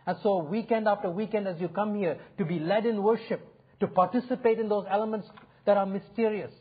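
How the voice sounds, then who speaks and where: A male pastor with a high-sitting, breathy voice preaches briskly, his intonation fairly even, over a narrow, phone-like recording. His sermon is earnest and inviting, with emphasis that swells and drops.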